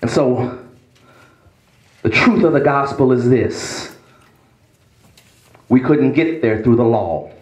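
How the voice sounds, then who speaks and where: A man's voice: slow, long pauses, a little mellow, echoey room, rough recording. A man, a pastor, preaching a sermon with emphatic, dramatic delivery. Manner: emphatic, dramatic swings between low and raised delivery. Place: church.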